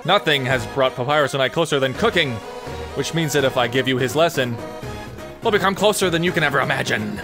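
A man voicing a hot-headed fish-woman warrior captain, talking loud and boisterous over game music. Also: medium pitch, fast, close to an everyday voice. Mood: fired up.

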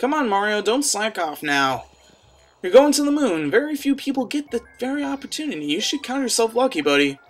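A hoarse man voicing a sleepy old male bomb general who goes from gloomy to pompous. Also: extremely high pitch, sing-song, fairly quick, faint music behind, heavily acted. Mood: bossy.

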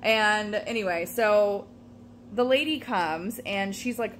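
A woman's voice: mid-range voice, takes it slowly, fairly bright tone, a little hiss or hum. A woman telling a story in a casual vlog, venting and swearing often. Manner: swears a lot, vents frustration. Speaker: vlogger.

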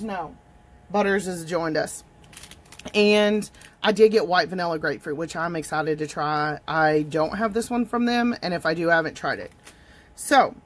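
Lady doing a tea vlog at her desk, kinda low voice, gushy and chatty. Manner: chatty and gushing, talks straight to viewers. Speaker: tea vlogger. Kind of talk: casual tea review vlog. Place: home desk.

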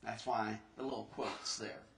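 A man preaching a sermon in a church, earnest and emphatic, slowing down to stress scripture and rising into questions. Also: fairly low pitch, fairly even intonation, a bit bright, recorded from a distance. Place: church sanctuary. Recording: echoey church recorded from afar.

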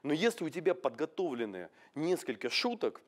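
A man's voice: a little high, very animated, a little fast, dry recording. A man coaching public speaking in an emphatic motivational lecture, showing how to change tone. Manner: emphatic, demonstrates tone shifts.

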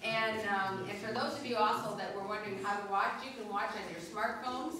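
A middle-aged woman hosting a children's show, telling a lively story to a crowd of kids and asking them questions. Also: mid-range voice, brisk, noisy background. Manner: animated, asks the kids questions. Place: school hall with a live audience. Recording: echoey hall from a distant mic.

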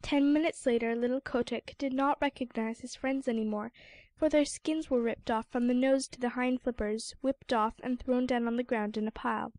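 A woman reading a classic storybook aloud as an audiobook narrator, measured and even. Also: a little high, no echo. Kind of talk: scripted narration.

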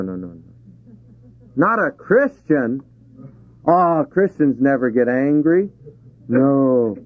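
A man's voice: medium pitch, dry recording. A man preaching a sermon to a congregation, asking rhetorical questions and chuckling between points. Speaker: pastor. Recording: tinny phone-like 1970s tape.

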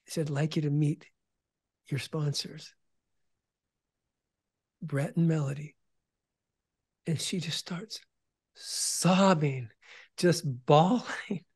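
Earnest guy sharing his testimony, kinda high voice, hushes way down when he quotes stuff. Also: steady tone, slow, long pauses, slightly rough. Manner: earnest, repeats words, restarts often, drops to a hush for quoted words. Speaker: ministry founder and guest. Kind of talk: emotional storytelling testimony.

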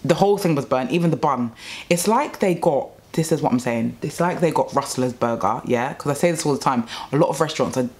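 A woman's voice: low voice, fairly quick, a little mellow. A young woman telling a rambling, exasperated story about a bad restaurant meal in a casual vlog. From England. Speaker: vlogger.

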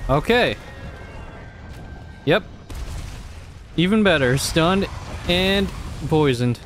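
A man's voice: a little high, expressive, drawn-out words, fairly bright tone, faint music behind. Swearing young man reacting to gameplay. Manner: exasperated, swears a lot, talks to himself. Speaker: gamer. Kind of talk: live gameplay commentary.

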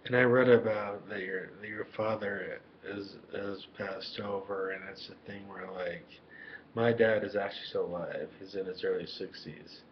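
A man's voice: on the low side, fairly even intonation, moderate pace, highs cut off, a little hiss or hum. Rambling lovestruck man on a webcam. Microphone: webcam microphone.

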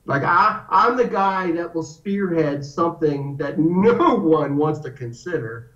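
Here the guest, a man with a fairly high voice, talks a little slowly as he narrates stories in easygoing conversation. He brings quoted people to life by imitating them, while the dull lo-fi sound comes across echoey and remote.

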